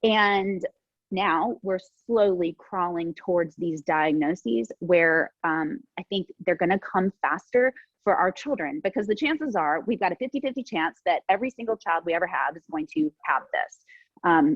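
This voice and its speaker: An earnest woman in her forties talks over a video call with a husky, slightly breathy voice. The sound is dry and dull, like lo-fi call audio. She often laughs lightly and fills her pauses with ums. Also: fairly low pitch, animated, no room sound. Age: 40s. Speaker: panelist. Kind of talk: casual video call discussion.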